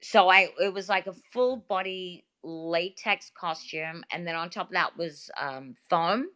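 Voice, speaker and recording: Bright-voiced Australian woman, chatty. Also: fairly low pitch, measured pace. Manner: chatty, animated storytelling with many fillers. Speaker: guest. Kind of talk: casual interview talk.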